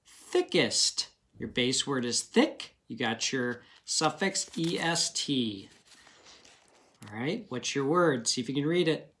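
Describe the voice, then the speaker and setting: A man teaching young children to read, talking slowly and patiently. He breaks words into single sounds and stretches them out. He keeps checking in with the class after nearly every sentence. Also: mid-range voice, animated, fairly bright tone. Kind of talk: phonics lesson for children.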